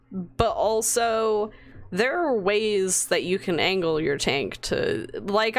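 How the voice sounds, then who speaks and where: A young woman, co-hosting a game livestream in casual chat and often pitching up at the ends of her sentences. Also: no echo. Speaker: co-host reading chat.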